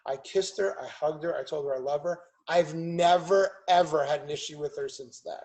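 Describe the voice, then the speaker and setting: A middle-aged man telling a family story on a podcast, emphatic and animated, acting out what people said. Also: on the high side, normal speed, gravelly, few pauses, low-quality recording. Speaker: podcast guest, chiropractor and business owner.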